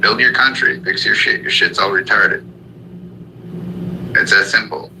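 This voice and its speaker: A man's voice: on the low side, measured pace, pushed and bright, a little hiss or hum, poor audio. A man from the United States hosting a live audio room, ranting angrily and full of profanity, firing off repeated commands and questions. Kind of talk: heated political rant.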